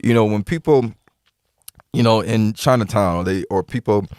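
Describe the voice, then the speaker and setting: A man's voice: fairly low pitch, normal speed, a little mellow, no echo, studio quality. Emphatic man telling a story. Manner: emphatic, retells conversations with many quoted lines. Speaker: podcast guest. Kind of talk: conversational storytelling.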